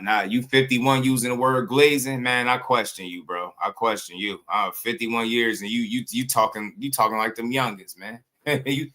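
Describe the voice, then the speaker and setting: A man's voice: on the low side, sharp tone. A man hosting a boxing livestream, ranting at a viewer in the chat in a heated, mocking and repetitive way. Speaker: boxing streamer host.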